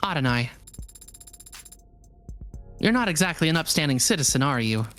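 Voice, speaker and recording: Brief: a woman reading a calm, curious otherworldly being; formal, a bit hesitant, lowish voice over faint music. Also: normal speed. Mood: earnest. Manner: earnest, formal and a little hesitant. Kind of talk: live reading of a visual novel.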